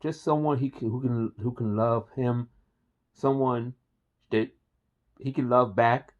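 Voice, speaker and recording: A man talking straight to camera in a relaxed, enthusiastic vlog. He rambles and repeats himself with a mid-pitched voice. The recording is dull and lo-fi. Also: a little slow. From Philadelphia. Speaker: host. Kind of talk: casual vlog monologue.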